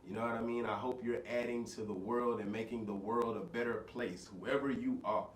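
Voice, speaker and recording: A man hosting a casual podcast chat, slightly hoarse, talking in a laid-back way. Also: mid-range voice, fairly even intonation. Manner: laid-back, swearing, drawn-out greetings. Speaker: podcast host. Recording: roomy, distant mic with faint noise.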